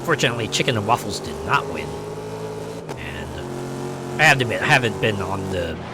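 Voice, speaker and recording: A man's voice: fairly low pitch, very animated, normal speed. A man who streams as a VTuber, chatting casually and rambling with lots of fillers while he plays a game. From United States. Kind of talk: casual chat while gaming. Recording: loud racing game music and engine noise behind. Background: game music and race car sounds.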